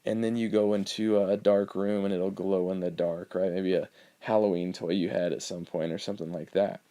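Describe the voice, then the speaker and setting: A male biology teacher giving a recorded lecture over slides, explaining in a relaxed way with frequent ums and uhs. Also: low-pitched, moderate pace.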